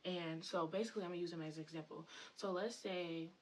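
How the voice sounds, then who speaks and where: Woman vlogger, rambling casual monologue, lots of fillers, lowish voice, faint noise behind. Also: fairly even intonation, quick pace, low-quality recording. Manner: rambling, filler-heavy, enthusiastic. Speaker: spiritual content creator.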